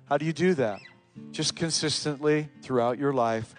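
A pastor preaching a sermon to his church, pressing hard on key words and then dropping to quiet, low asides. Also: normal speed, faint music behind. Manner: emphatic, swings from loud stresses to quiet low asides. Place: church service.

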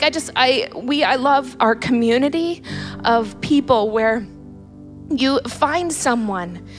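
Emotional woman telling a faith story. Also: sits high. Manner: emotional, laughs often, many restarts. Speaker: guest sharing a personal story. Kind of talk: candid faith testimony.

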